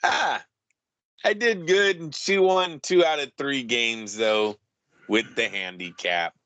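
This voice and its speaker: A man co-hosting a casual podcast, speaking haltingly and often restarting his sentences. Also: medium pitch, sharp tone, no echo. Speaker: podcast co-host.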